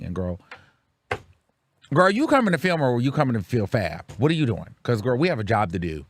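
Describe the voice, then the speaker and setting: A man's voice: mid-range voice, sing-song, a little fast. A young man from the Bay Area hosting his show, giving blunt, sassy commentary on reality TV in casual chat. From Bay Area, California. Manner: sassy, blunt, repetitive rants. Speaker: show host.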